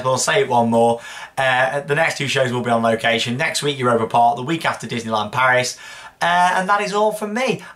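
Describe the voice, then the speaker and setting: A man's voice: mid-range voice, fairly bright tone. A young man hosting a casual show, answering viewer questions in a chatty, rambling way. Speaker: host.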